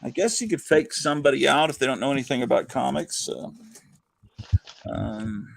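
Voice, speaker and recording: A man's voice: mid-range voice, normal speed, creaky, slight background noise, low-quality recording. An older man hosting a casual chat, rambling with fillers and chuckles. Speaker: host.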